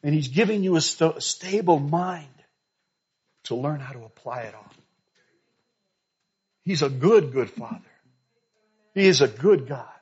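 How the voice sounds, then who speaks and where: A man preaching a sermon to a church congregation, telling a story and then pressing his point with loud, emphatic bursts. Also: a little high, expressive, unhurried, pauses often, husky. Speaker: pastor. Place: church sanctuary. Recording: slightly dull, lo-fi recording.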